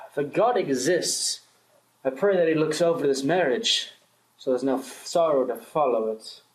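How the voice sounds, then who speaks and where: A man's voice: fairly high pitch, a little slow, low-quality recording. A young man performing a student radio drama, shifting his voice between several characters. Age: young adult. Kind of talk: amateur radio-play acting.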